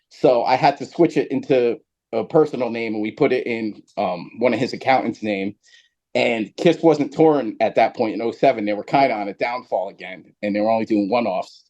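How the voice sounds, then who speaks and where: A man from New Jersey tells a long story as a podcast guest, rambling and animated, with lots of fillers. His voice sits at a middle pitch. The recording sounds a bit dull and lo-fi. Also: brisk. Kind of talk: storytelling in casual chat.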